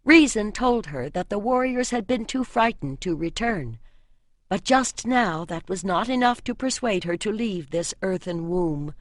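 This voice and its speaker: Woman audiobook narrator, slow measured delivery, dry close recording. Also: mid-range voice, animated, dry recording.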